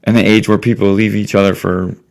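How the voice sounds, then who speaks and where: A man hosting a podcast, gently coaxing and encouraging his young guest in a plainspoken, casual way. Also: fairly low pitch, level tone, fast talker, vocal fry. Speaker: podcast host. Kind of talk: casual interview.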